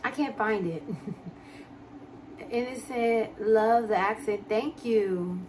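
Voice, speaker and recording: A woman's voice: on the high side, slow pace, darkish tone, a little hiss or hum. A young American woman with a DMV accent chatting casually on a live stream, reading and answering viewers' comments as she talks. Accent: DMV (Washington, D.C. area) American. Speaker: livestreamer.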